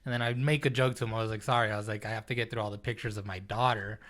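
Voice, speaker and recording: A man's voice: fairly low pitch, steady tone, very fast, fairly bright tone. A young man co-hosting a podcast, telling stories in casual chat, laughing often and acting out what people said. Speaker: podcast co-host.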